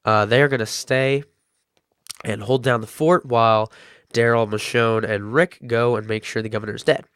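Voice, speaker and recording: A man recaps and reviews a TV episode in a loose, excitable way, stacking up "uh"s and "um"s as he goes. His voice is smooth and clean, recorded dry and close with no room sound. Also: mid-range voice, normal speed, no echo. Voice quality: excitable, rambling with many fillers.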